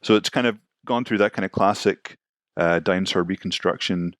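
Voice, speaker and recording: A man's voice: sits low, normal speed. Easygoing rambling man on a podcast. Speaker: podcast co-host. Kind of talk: casual chat.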